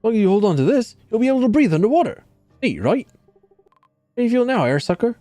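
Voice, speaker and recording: A man voicing an excitable young male fish-person, eager and exclamatory, reading game dialogue aloud. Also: sits high, fairly quick, no echo, faint music behind, pitched above the performer's own voice. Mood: chirpy.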